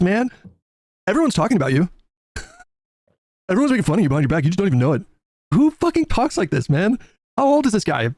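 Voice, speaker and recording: A high-pitched man with a very animated voice, talking fast and mocking in disbelief. The sound is dry and close, with no room around it. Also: no echo. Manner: incredulous, mocking, swears often. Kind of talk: casual live-stream banter.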